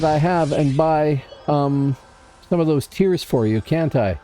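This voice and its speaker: With soft music playing behind him, a livestreaming man narrates his gameplay in a warm, mid-range, animated voice, never hurrying. He's chatty, addressing himself and the chat alike.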